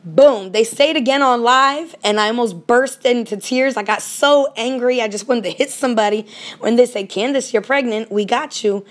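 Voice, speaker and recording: Lady vlogger venting to her viewers, fired up, slightly high voice. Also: normal speed. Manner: animated, indignant, talks to viewers directly. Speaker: paranormal vlogger. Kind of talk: casual direct-to-camera rant.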